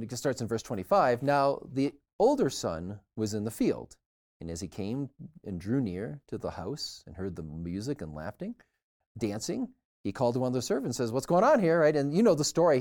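A man's voice: mid-range voice, darkish tone. A man co-hosting a Bible study discussion, explaining scripture casually and acting out how listeners would react. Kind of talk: teaching discussion.

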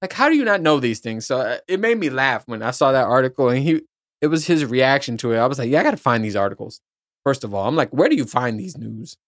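A man hosts a podcast alone in a loose, rambling chat, and he swears as he goes. His voice sits at an ordinary middle pitch, and the sound is close and dry with no room echo. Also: expressive, fast, a bit bright. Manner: rambling, profane, laughs at his own points. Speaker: podcast host. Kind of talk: casual solo chat.

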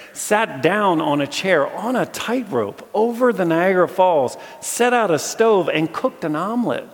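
A man preaching a storytelling sermon to a live audience, talking in a casual way full of restarts and turning animated when the story gets exciting. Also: fairly high pitch. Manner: animated, bursts of excitement when telling stories; conversational, with many fillers and restarts. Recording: long reverb from a large hall.

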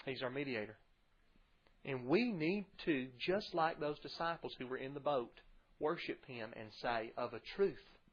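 A man delivers a sermon in an earnest, preaching manner and rises in volume when he reads scripture. His voice sits in a middle pitch. The recording is muffled and lo-fi. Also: a bit bright. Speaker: pastor.

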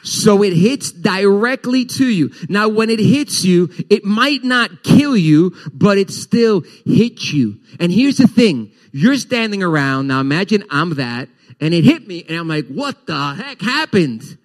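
A male pastor preaching a sermon to his congregation, animated, his voice rising and dropping as he explains scripture. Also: high voice, a little slow. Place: church.

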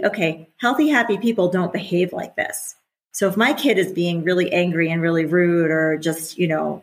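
On a podcast, a former teacher and mother in her forties talks openly in a casual, conversational interview, chatty and quick to laugh. She has a low-leaning voice, and the recording is of poor quality.

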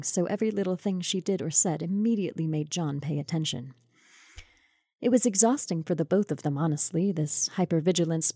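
A woman's voice: deep voice, warm tone, husky, no room sound. A woman narrating a comic fairy tale in a wry, scripted way, with conversational asides, recorded close to the mic. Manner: whispered intro. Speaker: storyteller.

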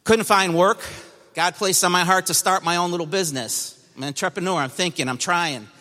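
A man's voice: high voice, fairly quick, pushed and bright, big-room sound. A man giving an emphatic personal testimony to a church congregation, telling his story with energy.

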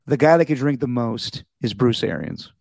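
A man's voice: mid-range voice, lively intonation, moderate pace, creaky, a little mellow, dry recording, studio quality. A man co-hosting a podcast in casual sports chat, jokey and prone to silly impressions. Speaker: podcast co-host.

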